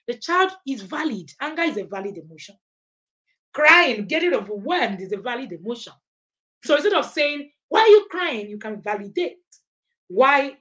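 A woman's voice: medium pitch, fairly bright tone. A middle-aged woman, giving a live online parenting class and answering questions. She talks emphatically, repeats her points and keeps checking in with "okay?". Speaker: parenting coach.

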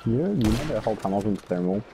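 A man's voice: fairly low pitch, expressive, fast, background noise. A man in casual game voice chat, teasing his friend with crude trash talk. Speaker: gaming friend. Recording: gunfire from the game behind.

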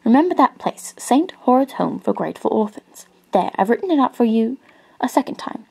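A woman voicing a pompous, eccentric old great-uncle in a soft-spoken storybook reading. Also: a little high, sing-song, a little fast, vocal fry, husky, heavily acted.

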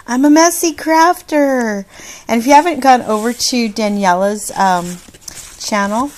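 A middle-aged woman with a fairly high voice speaks at a slow pace. She's a craft vlogger chatting casually, bubbly and gushing and laughing often.

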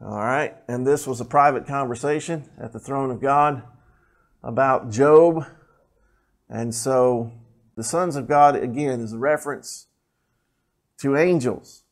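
Male preacher, mid-range voice, animated teaching sermon. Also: mid-range voice, a little slow, pauses often. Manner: animated, rising emphasis, explanatory asides. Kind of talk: sermon with scripture reading.

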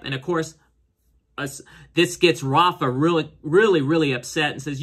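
A man's voice: steady tone, moderate pace, a bit bright, husky. A man casually recapping and reviewing a TV episode, rambling with lots of fillers and restarts. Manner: voices characters' lines with raised pitch. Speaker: show reviewer.

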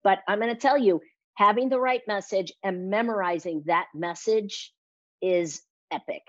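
A speaking coach guest in a lively interview, this woman talks at a moderate pace in a medium-pitched voice, switching voices as she acts out short quotes with plenty of energy. The sound is dry, and the high frequencies are cut off.

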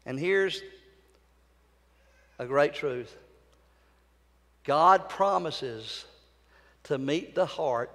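A high-voiced man preaches from the pulpit, swinging from loud fervent outbursts to hushed near-whispers. His voice rings out in a large sanctuary with a long reverb tail. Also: expressive, extremely slow, long pauses. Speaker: pastor. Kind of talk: sermon.

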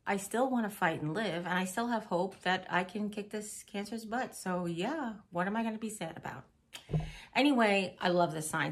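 Chatty, upbeat woman showing off a haul. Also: mid-range voice. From Missouri. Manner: chatty, upbeat and giggly, with rambling asides. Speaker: vlogger. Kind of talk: casual haul vlog chat.

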